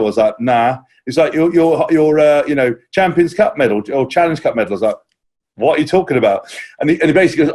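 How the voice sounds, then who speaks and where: A man's voice: medium pitch, fast talker, a little mellow. A man, a former rugby player, telling a long story in a casual podcast chat, rambling with restarts and acting out quotes. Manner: rambling anecdotes with many restarts and mimicked quotes.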